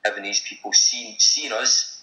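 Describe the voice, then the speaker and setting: A man's voice: fairly low pitch, normal speed, bright, forceful tone, echoey room, low-quality recording. A Scottish man telling a story as a guest in casual chat, swearing freely and laughing as he talks. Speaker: guest, supporters' group member.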